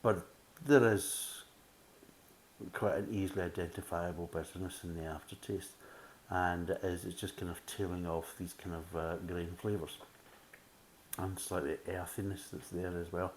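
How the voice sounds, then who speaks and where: Man, very low voice, casual beer review, methodical and rambling. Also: fairly even intonation, normal speed, slight background noise. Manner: methodical, leans on filler words like "kind of".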